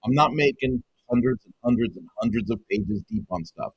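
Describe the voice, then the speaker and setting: A man who runs a web design business, giving an excited, emphatic pitch to viewers and calling them folks over and over. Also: fairly quick, creaky, husky, dry recording, low-quality recording. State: excited, half-yelling. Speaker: web design agency owner and coach. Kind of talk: energetic direct-to-camera pitch.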